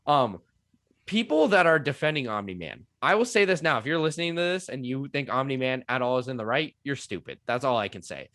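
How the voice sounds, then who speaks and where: A man's voice: mid-range voice, big pitch swings, fairly quick, fairly bright tone. A young man co-hosting a casual show review, talking eagerly and rambling with lots of fillers. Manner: eager, rambling, heavy use of "like". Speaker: podcast co-host reviewing a TV show.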